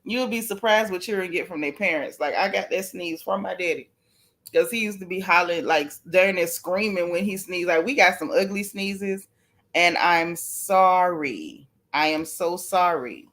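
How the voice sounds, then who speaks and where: A woman's voice: lowish voice, a little fast, a bit bright. Chatty woman hosting a gossip livestream. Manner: chatty, addresses viewers directly, apologetic. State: sneezing, sniffly from allergies. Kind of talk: casual livestream chat.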